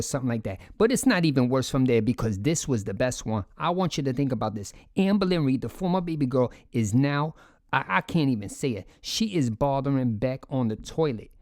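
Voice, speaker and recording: A man's voice: a little high, lively intonation, brisk, darkish tone, dry recording, clean studio sound. A man giving casual reaction commentary, emphatic and repetitive, talking straight to his audience.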